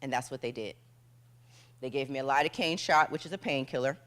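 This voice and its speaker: An American motivational speaker with an extremely low-pitched voice delivers a keynote on stage to an audience, talking a little fast. She tells a dramatic story in short, punchy bursts, acts out the quoted voices, and falls to a hush whenever the tension rises.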